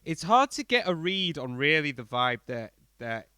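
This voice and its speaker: Smooth-voiced man bluntly reviewing music. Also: on the high side, moderate pace, no echo. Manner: animated, blunt, many fillers and restarts. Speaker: podcast co-host. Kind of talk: casual album review chat.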